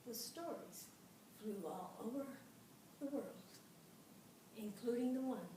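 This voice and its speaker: A woman telling a folktale to an audience, dramatic and expressive, with pauses and repetition. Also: on the high side, far from the mic, a little hiss or hum. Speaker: storyteller. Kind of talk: live folktale storytelling. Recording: echoey room, voice from afar.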